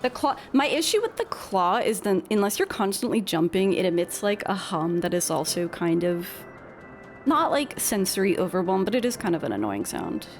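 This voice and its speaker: A young woman chats casually while she streams a game, drifting into rambling, self-deprecating asides. Her voice sits at a middling pitch. Game music plays clearly behind her. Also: big pitch swings, normal speed. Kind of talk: casual gameplay chat, reading game dialogue aloud.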